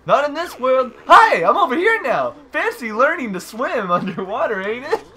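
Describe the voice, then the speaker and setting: A man's voice: very high-pitched, sing-song, normal speed, bright, forceful tone, exaggerated voice. A man voicing a smug, nagging male mole who keeps teasing the player in a joking game voice-over. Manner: teasing, bossy, mocking.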